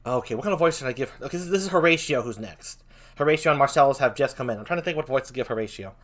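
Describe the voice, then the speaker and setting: A man's voice: medium pitch, rapid-fire. An older man hosting a casual read-through of a play, chatting in asides between parts. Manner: animated, chatty asides, swears and laughs. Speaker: host reading a play aloud. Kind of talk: casual dramatic reading.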